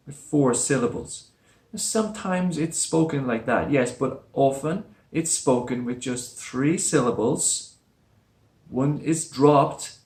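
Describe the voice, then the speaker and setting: A man teaching English pronunciation, repeating words slowly with exaggerated stress. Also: a little high, animated, reverberant. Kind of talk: slow, careful pronunciation lesson.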